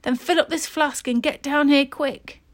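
A woman voicing a rough, cheeky adult male digger who teases the boys. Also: sits high, steady tone, normal speed, voice pushed up, close to an everyday voice. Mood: teasing. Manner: loud, teasing.

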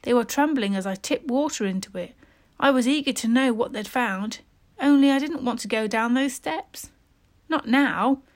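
A woman narrating a children's story with steady, expressive reading. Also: on the high side, moderate pace.

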